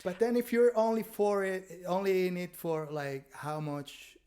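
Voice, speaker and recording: A man, a stand-up comedian, chatting candidly on a podcast, laughing often and halting with fillers. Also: sits high, steady tone, mellow, clean tone. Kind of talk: casual chat.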